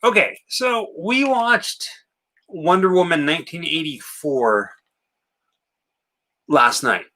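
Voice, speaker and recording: A man with a bright, forward voice pitched a little high talks casually on a live stream. He co-hosts a late-night movie watch party, reading out viewer comments and answering them in a relaxed, easygoing way. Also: slow pace, long pauses.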